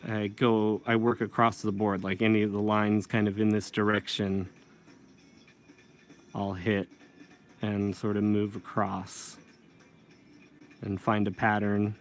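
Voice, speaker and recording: A man's voice: fairly low pitch, level tone, slow pace, long pauses, soft background music. A man teaching comic inking in a casual tutorial, thinking aloud and correcting himself as he works. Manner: thinking aloud while working, self-correcting. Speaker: comic book inker.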